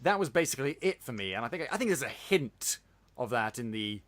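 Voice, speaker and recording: A man's voice: mid-range voice, sing-song, a little fast, fairly bright tone. A man hosting a podcast, chatting casually in a playful, jokey way. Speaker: podcast host. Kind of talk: casual chat.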